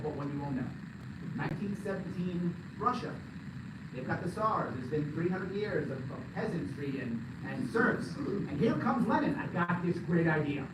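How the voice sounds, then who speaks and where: A man giving an animated, joking, emphatic speech to an audience at a live event. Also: fairly high pitch. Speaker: political commentator giving a speech. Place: large event hall. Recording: echoey hall from far off, loud noise.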